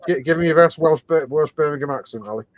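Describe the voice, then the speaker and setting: A man's voice: a little high, fast talker, no room sound. A man co-hosting a live show, teasing the others and swearing as he laughs through casual banter. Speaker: podcast co-host.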